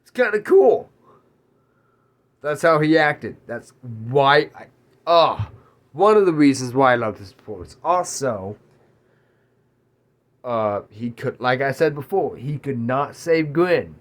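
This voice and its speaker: A man ranting casually about a favorite film, his voice swooping up and down with a lot of life in it. He takes his time, drawing out words rather than rushing, and swears freely along the way. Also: medium pitch. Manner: excitable, swears freely, laughs mid-sentence. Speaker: movie reviewer. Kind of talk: casual spoiler-filled movie rant.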